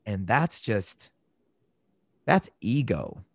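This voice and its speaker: A man in casual conversation about relationships, animated, acting out quoted arguments in raised voices. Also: lowish voice, very slow, gravelly, breathy edge, no echo.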